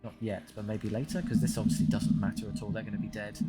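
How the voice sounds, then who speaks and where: A young gaming channel host commentates his own strategy game over a desk microphone, addressing his units with wry frustration while game music plays. His voice is fairly low, steady in tone and fast.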